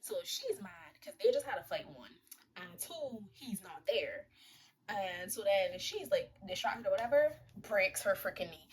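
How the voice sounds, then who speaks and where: A young woman, casually recapping a movie, quoting the characters in quick voices and laughing often. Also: medium pitch, very animated. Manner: chatty, retells scenes in quick quoted voices, laughs often.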